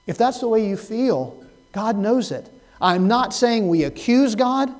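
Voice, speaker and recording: Impassioned high-voiced male preacher. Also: animated, unhurried, rough recording. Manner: impassioned preaching, swinging from loud pleas to hushed, soft words. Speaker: pastor. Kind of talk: sermon.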